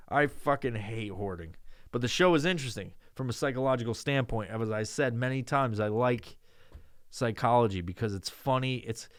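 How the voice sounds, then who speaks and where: A man's voice: mid-range voice, normal speed, dry recording, studio quality. A man from New York hosting a podcast, ranting and joking with lots of swearing in a loose monologue. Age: adult with a child. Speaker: podcast host.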